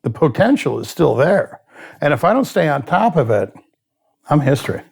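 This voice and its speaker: Gravelly, blunt older man telling stories. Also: on the high side, moderate pace. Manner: blunt, profane, animated storyteller who laughs at himself. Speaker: addiction expert guest. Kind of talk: candid interview storytelling.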